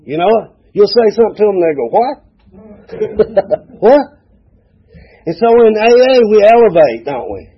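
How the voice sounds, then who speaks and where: A man's voice: high voice, big pitch swings, fast talker, few pauses, slightly rough. A man, sharing a folksy, humorous personal story at a recovery meeting, acting out the dialogue. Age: 40s. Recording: dull lo-fi recording.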